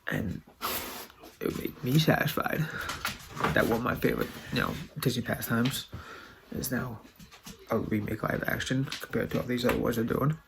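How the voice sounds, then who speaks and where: An earnest man talks in a casual, rambling video monologue. His voice is gravelly and sits at an ordinary pitch, with clear background noise running under the recording. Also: moderate pace. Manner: earnest, heartfelt, loose and rambling. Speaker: vlogger.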